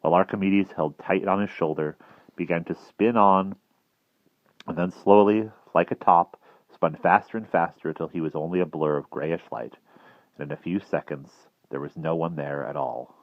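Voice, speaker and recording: Low-voiced man reading a storybook aloud. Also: moderate pace, no echo, phone-quality sound. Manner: expressive storytelling. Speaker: reader. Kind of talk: audiobook narration.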